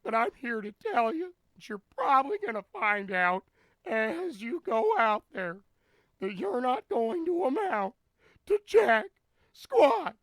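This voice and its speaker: A man putting on a loud, blustering middle-aged motivational speaker, lecturing slowly and emphatically in a comic impression. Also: extremely high pitch, very animated, no room sound, voice pushed up, exaggerated voice. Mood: blustering lecture. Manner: shouting, overbearing, slow emphatic lecturing. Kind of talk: comic impression during a stream.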